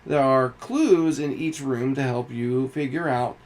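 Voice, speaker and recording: A man reading a game's story aloud, voicing a hesitant, pleading mystery star who speaks over a loudspeaker. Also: medium pitch, a little slow, lightly acted. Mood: urgent.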